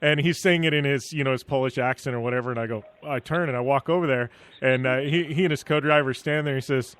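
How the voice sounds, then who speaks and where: A man's voice: medium pitch, fast, fairly bright tone, smooth. A man hosting a motorsport radio show, casually telling stories and chatting with a guest. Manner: chatty anecdotal storyteller. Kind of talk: casual chat.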